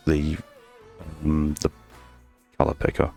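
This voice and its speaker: Very deep gravelly man murmuring close. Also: moderate pace. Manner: low close-mic murmur, rambling and self-talking. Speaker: art streamer. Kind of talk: soft ASMR-style stream chat while drawing. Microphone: very close desk microphone. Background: faint background music.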